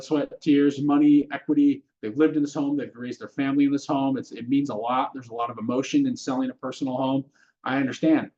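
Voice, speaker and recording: A man's voice: medium pitch, darkish tone, muffled recording. A man teaching a real estate course in a casual lecture style, often putting questions to his audience. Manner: conversational, asks the audience questions. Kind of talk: classroom lecture.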